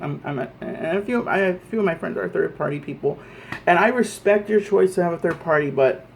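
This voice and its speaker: A man's voice: a little high, gravelly, slight background noise. Heated, cursing man ranting to camera. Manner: heated, profane, repeats himself. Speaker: vlogger. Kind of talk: angry political rant to camera.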